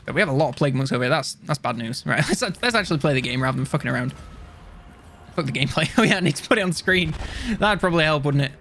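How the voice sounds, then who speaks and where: A young man chatting casually while playing a strategy game on stream, rambling and mocking himself with quick jokes. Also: on the high side, expressive, vocal fry, a bit bright, slight background noise. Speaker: gaming streamer. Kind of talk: casual let's-play commentary.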